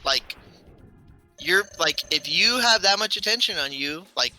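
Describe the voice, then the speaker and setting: A man with a very bright, sharp voice and a slightly raised pitch co-hosts a casual gaming stream. He talks in an opinionated, firm way, full of "like" and restarts. Faint game music runs underneath. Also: animated, unhurried, poor audio. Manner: opinionated, filler-heavy, firm. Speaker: co-host.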